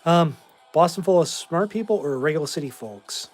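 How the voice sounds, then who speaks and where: With soft music behind him, this Massachusetts man in his forties runs a laid-back livestream, replying to chat bluntly and wandering off topic. He's worn out from too little sleep. His pitch sits on the high side, his delivery animated, his pace normal.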